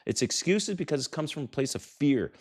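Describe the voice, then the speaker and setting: A middle-aged man giving dating advice to camera in a brash, profane, animated way, acting out quotes. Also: a little high, a little fast. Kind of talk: casual to-camera talk. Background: sirens outside.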